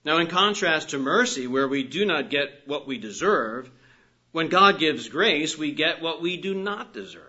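Male preacher, sermon, earnest and emphatic, slightly high voice, dull lo-fi recording. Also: lively intonation, a little slow. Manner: earnest, emphatic, rising on key phrases and dropping soft at sentence ends.

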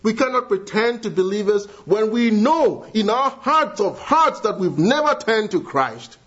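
A man preaching a sermon earnestly, moving between hushed lines and rising, emphatic appeals. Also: high voice, animated, unhurried, slightly rough. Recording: dull lo-fi sound.

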